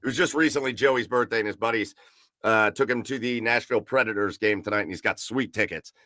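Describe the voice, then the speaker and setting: A chatty man hosts a relaxed sports talk show. His tone is bright and forceful, and he rambles along with plenty of fillers and repeated words. The sound is dry and close, with no room echo. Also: lowish voice, fast. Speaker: podcast host.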